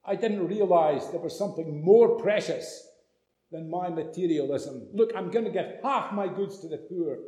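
A greedy, grasping tax collector with a raised, boastful voice, as a preacher puts him on. His tone is pushy and pleased with itself, pitched a little higher than an ordinary man's. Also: animated, unhurried, long reverb tail. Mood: remorseful. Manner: brash and boastful, then hushed and remorseful.

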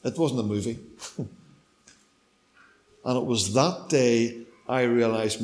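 Man preaching with hushed storytelling. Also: mid-range voice, slow pace, long pauses. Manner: storytelling, shifts between loud emphasis and hushed near-whispers. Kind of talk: sermon.

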